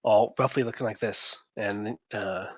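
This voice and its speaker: Slow, hesitant game master. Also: male voice, lowish voice, steady tone, husky, no echo, muffled recording. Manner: hesitant, many fillers. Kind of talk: narrating a tabletop game.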